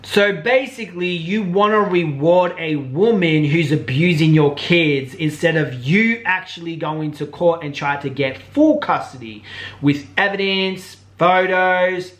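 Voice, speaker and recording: Man reacting to a video, a touch high, loose conversational delivery. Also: unhurried, a bit bright. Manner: casual, uses "like" and "bro" a lot. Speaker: reaction commentator. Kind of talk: casual reaction commentary.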